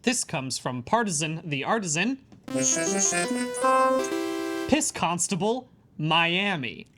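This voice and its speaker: Low-voiced woman chatting over gameplay. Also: a little slow, loud music behind the voice. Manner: relaxed, hesitant, many fillers. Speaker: co-host. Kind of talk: casual gameplay chat.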